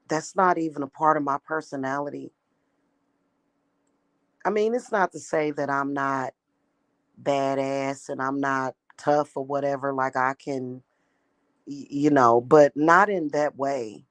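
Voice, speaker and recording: A woman's voice: rumbling low, fairly even intonation, unhurried, dry recording. A woman talking casually in a vlog monologue, rambling and repeating herself with emphatic restarts. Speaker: spiritual practitioner.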